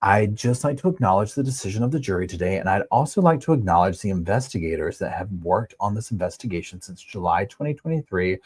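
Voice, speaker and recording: Male live-stream host, deep husky voice, casual running commentary. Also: lively intonation, fast, few pauses, a little mellow. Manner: chatty, reads out viewer comments and news statements. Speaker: host of a live true-crime chat stream.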